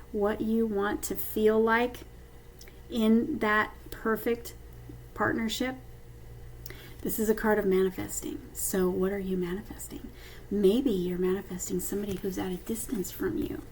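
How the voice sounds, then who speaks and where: A woman's voice: mid-range voice, darkish tone, slight background noise, poor audio. A woman giving a casual intuitive card reading to camera, chatty and speaking straight to her viewers, often checking in with them. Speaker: tarot card reader.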